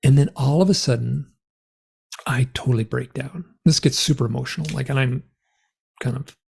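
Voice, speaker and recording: Man, interview guest, animated storyteller, gravelly and husky, dark tone. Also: moderate pace. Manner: animated, acts out remembered dialogue with big pitch swings. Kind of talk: personal storytelling in conversation.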